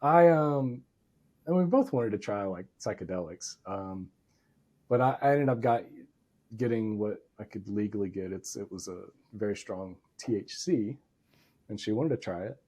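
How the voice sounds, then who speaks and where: Male guest, mellow dark tone, rambling and self-deprecating. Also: fairly low pitch, expressive, normal speed. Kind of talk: casual conversation.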